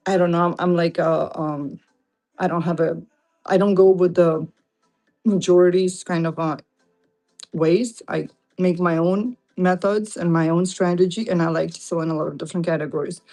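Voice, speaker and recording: Woman hosting a live selling stream, lowish voice, chatty and joking, faint music behind. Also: darkish tone. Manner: chatty, joking, many fillers. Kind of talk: casual livestream Q&A.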